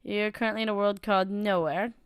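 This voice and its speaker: Woman voicing a gentle, motherly young woman. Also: mid-range voice, steady tone, a little fast, clear, resonant tone, no echo, clean studio sound, close to an everyday voice. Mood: reassuring. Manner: gentle and reassuring.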